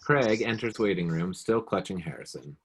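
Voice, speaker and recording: A man reads stage directions in a plain, matter-of-fact way. His very deep voice is husky. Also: expressive, moderate pace.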